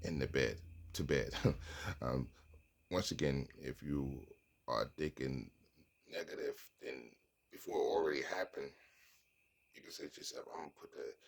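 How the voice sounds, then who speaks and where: A man with a gravelly voice talks through a motivational pep talk and often repeats his own phrases. His voice sits extremely low, with plenty of creak. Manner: coaching, repeating phrases, acting out sample lines. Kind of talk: motivational self-talk monologue.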